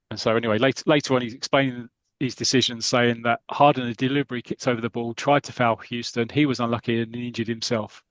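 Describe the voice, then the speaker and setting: A man on a podcast retells a comic strip story in a relaxed, chatty way, stumbling and restarting as he goes. His voice sits at an ordinary middle pitch. The recording is close and dry, with no room sound. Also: quick pace, dry recording. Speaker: podcast co-host.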